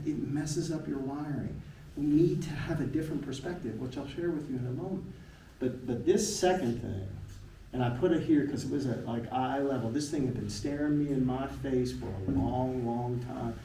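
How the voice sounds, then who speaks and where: A man around sixty tells a personal story to an audience, earnest and emotional, with dramatic pauses. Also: medium pitch, mellow, a little hiss or hum. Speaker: keynote speaker. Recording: roomy echo from a distance.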